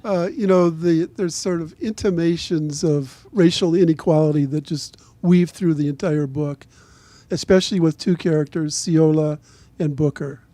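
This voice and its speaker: A man's voice: a little high, fairly even intonation, normal speed, warm tone, no echo. A man interviewing an author at a book event, asking engaged, prompting questions. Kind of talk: conversational interview.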